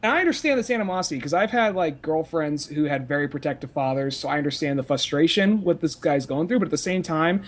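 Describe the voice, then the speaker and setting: A man's voice: a little high, lively intonation, fast, hardly any pauses. A young man co-hosting a podcast, rambling casually with lots of fillers, restarts and swearing. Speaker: podcast co-host. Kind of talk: casual chat.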